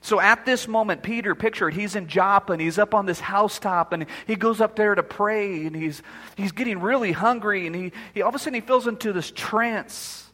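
Male pastor, bright and tense voice, sermon delivery with acted-out quotes. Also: high-pitched, a little fast, in a large hall. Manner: acts out the quoted voices as he preaches.

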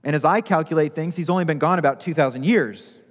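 A man's voice: on the high side, quick pace, big-room sound. A male pastor preaching a sermon, repeating key phrases for emphasis.

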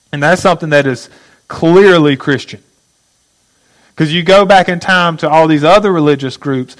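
A man's voice: a little high, fairly bright tone, poor audio. A man preaching a sermon, teaching step by step and asking his listeners questions. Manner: teaching, asks the audience questions. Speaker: pastor.

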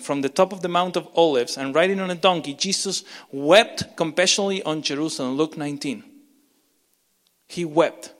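Guy pastor preaching, kinda high voice, gets loud then real quiet, stumbles and repeats, big echoey church. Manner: impassioned, swinging between loud urgency and hushed emphasis; repeats words and restarts mid-phrase. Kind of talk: sermon. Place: church sanctuary. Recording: long reverb of a large church.

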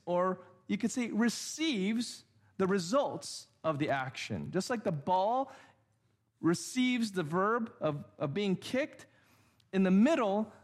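A man with a high-pitched voice teaching a sermon. He builds his point patiently through examples, keeps asking whether the listeners follow, and restarts his sentences now and then while searching for words. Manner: explains step by step with examples and frequent "all right?" checks. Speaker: pastor.

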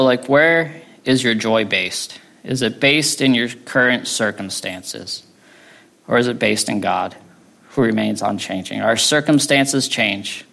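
A pastor giving a conversational sermon, often asking "right?" before closing in prayer. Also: male voice, mid-range voice, gravelly, a bit bright. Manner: conversational, tags lines with "right?".

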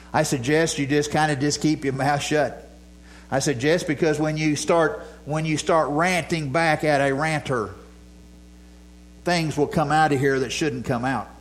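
A man's voice: mid-range voice, slight background noise. A man preaching a sermon in a plain, conversational way, repeating his phrases to drive points home. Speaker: pastor.

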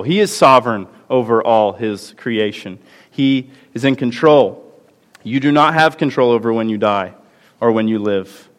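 A man's voice: medium pitch, fairly bright tone. Earnest preacher man in a reverberant hall. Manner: earnest, builds to impassioned emphasis. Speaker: pastor. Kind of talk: sermon.

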